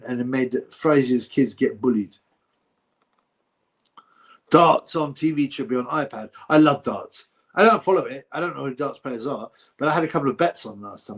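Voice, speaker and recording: Male livestream host; blunt, rambling, mocking, casual chat tone. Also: medium pitch. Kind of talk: casual livestream chat answering viewer comments.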